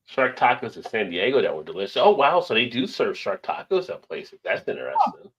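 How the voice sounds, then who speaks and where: A man's voice: medium pitch, sing-song, brisk, fairly bright tone, husky, highs cut off. A man hosting a casual chat show, reading viewer comments aloud, rambling and laughing often. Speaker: show host.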